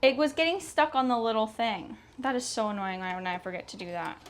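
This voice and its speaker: A woman's voice: a little high, heavy background noise. Chatty Canadian woman sewing at home. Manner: chatty, self-talking while working, quick exclamations. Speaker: sewing vlogger. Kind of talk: casual sew-along chat.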